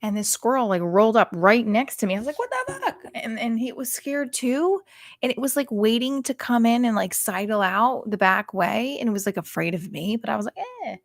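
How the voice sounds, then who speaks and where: A stand-up comedian in her thirties performs casual, profane material on a livestream. Her voice sits on the high side and moves a little fast, and she rambles with many fillers, often speaking quietly.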